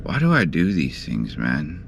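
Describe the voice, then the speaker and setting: A sleep-deprived young man talks in a slow, drawn-out way, rambling and cursing with frustration in a video diary. His voice sits very low. Steady car noise runs clearly under him. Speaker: vlogger.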